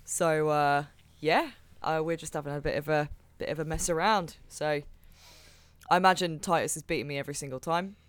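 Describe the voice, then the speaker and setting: Player, excitable, dry recording. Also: medium pitch, a little fast, clear, resonant tone, dry recording. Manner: excitable, laughing.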